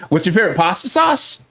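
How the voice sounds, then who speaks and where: Chatty man, slightly high voice. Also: gravelly. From Southern California. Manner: rambling, animated storytelling with many fillers and restarts. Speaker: gaming livestream host. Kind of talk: casual livestream chat.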